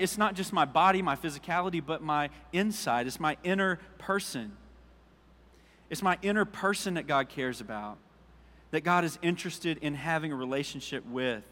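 A male pastor giving a relaxed, conversational sermon, reading scripture aloud and putting questions to his congregation. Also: fairly high pitch, in a large hall. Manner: informal, asks the congregation questions, jokes.

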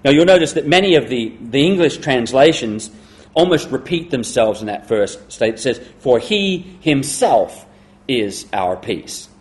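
Middle-aged male pastor, emphatic sermon delivery, mid-range voice, hushed stress on key words. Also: mid-range voice, animated. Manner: emphatic, slows and drops to a hush on key words.

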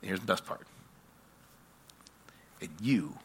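A man preaching a sermon, telling stories dramatically and swinging from hushed tones to loud ones. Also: low-pitched, lively intonation, takes it slowly, husky.

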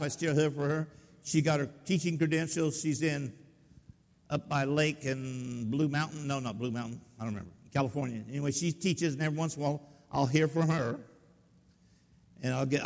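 This male pastor's voice is fairly high, with a steady tone, a brisk pace and some vocal fry. He shares a story in his sermon, chatty and homespun, frequently asking the congregation questions, and the recording carries a hall's long reverb.

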